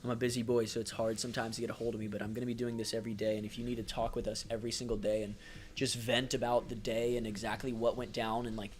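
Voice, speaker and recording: Hosting a laid-back livestream, a man talks fast in a medium-pitched, level voice over slight background noise. He reads chat comments aloud, warm and encouraging, with plenty of fillers.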